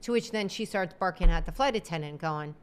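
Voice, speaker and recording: A woman co-hosting a podcast tells a story in a lowish, smooth voice at a fairly quick pace. She sounds animated and exasperated, acting out the people involved and quoting them.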